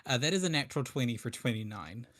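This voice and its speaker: A man playing a tabletop game, measured and deliberate as he explains his plans. His voice sits at a middle pitch and has a bright tone. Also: animated. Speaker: player. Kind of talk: casual tabletop play.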